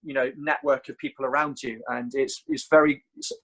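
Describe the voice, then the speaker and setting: A man's voice: mid-range voice, steady tone, a little fast, a bit bright, low-quality recording. A man, a personal trainer talking in casual podcast chat, rambling earnestly with frequent restarts.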